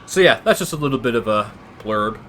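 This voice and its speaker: A man's voice: mid-range voice, lively intonation, a little fast, fairly bright tone, slight background noise. A young man, chatting casually over strategy gameplay and drifting into long tangents. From Canada. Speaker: gaming channel host.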